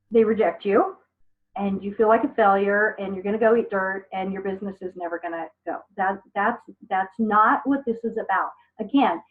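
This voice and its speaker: A woman teaching an online business class in a chatty, upbeat way, talking to her students by name over a video call. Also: medium pitch. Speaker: business trainer. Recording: phone-like video call audio.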